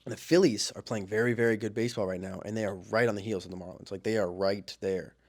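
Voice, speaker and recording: Excitable young man rambling about baseball. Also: lowish voice, fast. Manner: excitable, rambling, repeats phrases. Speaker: sports podcast host. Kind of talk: casual baseball commentary.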